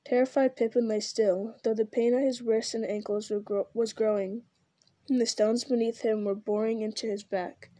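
Dark-toned woman reading a story aloud. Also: a little high, steady tone, moderate pace, dry recording. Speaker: narrator. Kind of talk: audiobook reading.

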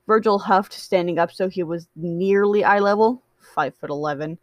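A woman's voice: on the low side, normal speed, no room sound. A woman reads fan fiction aloud in a casual way. She trips over words, goes back to fix them, and breaks off for chatty asides. The sound is dry and close. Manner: stumbling, self-correcting, chatty asides. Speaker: story reader.

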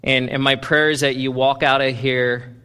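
A male pastor preaching a sermon, animated, swinging from loud playful bursts to low, intense stretches. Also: normal speed, clear, resonant tone, in a large hall. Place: church sanctuary.

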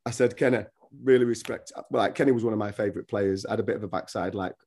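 A middle-aged man with a fairly low voice talks as a guest about his football career. He rambles from story to story, often restarting his sentences as he goes. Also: fairly even intonation, racing, a little mellow, husky. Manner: rambling anecdotes with many restarts. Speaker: former footballer and coach, guest. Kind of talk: casual podcast interview.

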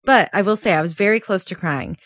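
Woman, late 20s, co-host, chatty storyteller, laughs a lot, middle pitch, dry close mic. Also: a little fast, a bit bright, dry recording. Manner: chatty, laughs often, acts out quotes with a jump in pitch. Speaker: podcast co-host. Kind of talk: casual chat.

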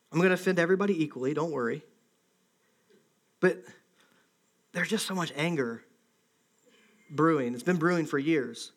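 A man's voice: a little high, a bit bright. A man preaching a conversational sermon, acting out the voices of an angry crowd. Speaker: pastor.

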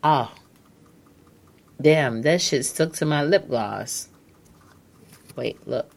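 A woman talks straight to her listeners in a casual advice monologue, blunt and emphatic and cursing freely. She takes her time and sits a little low in her range, and she keeps hiccuping. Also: lively intonation, extremely slow, gravelly. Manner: emphatic, repetitive, blunt with profanity.

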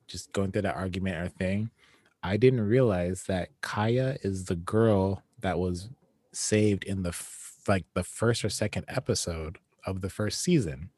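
A man's voice: sits low, slow, darkish tone, no echo. A man co-hosting a podcast, talking casually about an anime episode, hesitant and correcting himself as he thinks aloud. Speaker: podcast co-host.

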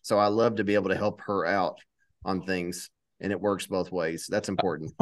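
A man co-hosting a podcast, telling stories in relaxed casual chat. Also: sits low, normal speed, no echo, studio quality. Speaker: podcast co-host.

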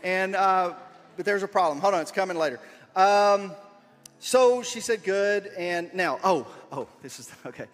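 Wearing a body mic, this children's skit leader has a high voice with lively intonation and a slightly slow delivery. As he reads the story aloud, he teasingly directs volunteers performing it, while a long reverb tail and soft background music surround him.

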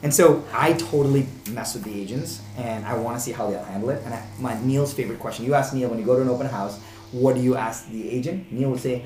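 A man hosting a casual conversation, animated and acting out the exchanges he quotes. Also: mid-range voice, fast talker. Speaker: podcast host. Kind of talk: casual chat. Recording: echoey room with faint background noise.

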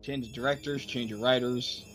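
A man co-hosting a podcast in casual chat, animated and sometimes trailing off to restart his thoughts. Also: medium pitch, normal speed, soft background music. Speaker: podcast co-host.

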